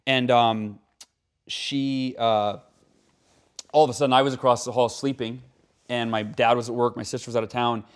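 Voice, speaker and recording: A man in his forties, a guest author speaking in a casual interview, earnest and animated, acting out quotes as he tells stories. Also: mid-range voice, moderate pace, pauses often, clean tone.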